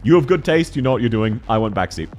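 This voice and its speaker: A man chatting on a live stream, excitable and quick, his pitch leaping around as he reacts. His voice sits at a middling pitch. Faint background music plays underneath. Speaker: streamer reviewing viewers' game accounts. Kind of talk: casual live-stream chat.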